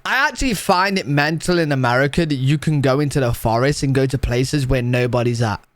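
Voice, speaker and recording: A man's voice: medium pitch, brisk, dry recording. A British man, a streamer, giving casual live reaction commentary, joking and swearing as he talks to his chat. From United Kingdom.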